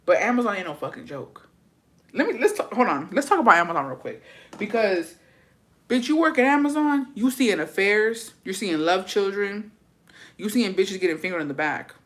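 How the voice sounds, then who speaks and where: A woman hosting a casual gossip show, reading viewer stories aloud and reacting with animated, profane commentary that drops Spanish words. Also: mid-range voice, moderate pace.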